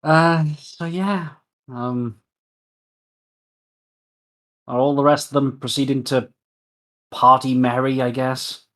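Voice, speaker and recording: A man playing a tabletop role-playing game, speaking in a calm, matter-of-fact way. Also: medium pitch, unhurried. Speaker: player. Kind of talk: casual tabletop play.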